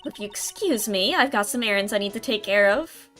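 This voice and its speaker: A woman voicing a sweet, doting wife who sounds affectionate but quietly threatening, reading game dialogue aloud. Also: mid-range voice, lively intonation, fairly quick, soft background music, natural voice. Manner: syrupy, affectionate.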